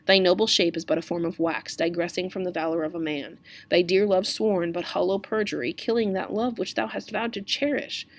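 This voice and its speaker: Teacher lady reading a stern old friar, lecturing and scolding, lowish voice. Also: fairly even intonation, brisk, close to an everyday voice. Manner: lecturing, reproachful. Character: stern male friar scolding a young man.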